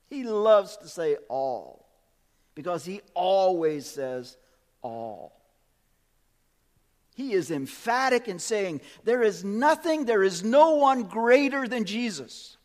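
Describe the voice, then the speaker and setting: A man preaching a sermon with emphasis, swinging from quiet asides to loud, lively peaks. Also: sits high, slow pace, long reverb tail.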